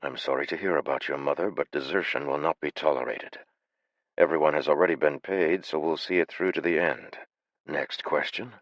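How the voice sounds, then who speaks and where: A man voicing a calm unflappable leader. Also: a bass voice, normal speed, no room sound, dull audio. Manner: calm, flat, matter-of-fact.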